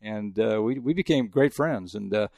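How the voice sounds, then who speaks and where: A man's voice: on the low side, expressive, gravelly, dark tone, no echo, clean studio sound. An older man from Texas, a longtime sports journalist, telling rambling anecdotes in an interview. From El Paso, Texas. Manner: fast, rambling anecdotes with many restarts. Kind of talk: interview storytelling.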